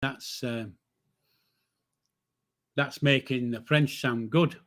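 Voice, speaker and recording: A man's voice: medium pitch, fairly even intonation, slow pace, fairly bright tone. An older man from northern England, hosting a casual livestream, reading out chat and joking in a rambling, easygoing way. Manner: chatty, rambling, jokey, with frequent fillers and self-corrections. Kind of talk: casual live-stream chat.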